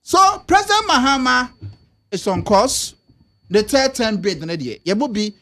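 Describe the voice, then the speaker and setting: A man's voice: high-pitched, big pitch swings, unhurried, bright, forceful tone. A man giving emphatic political commentary on a radio talk show, mixing Twi and English.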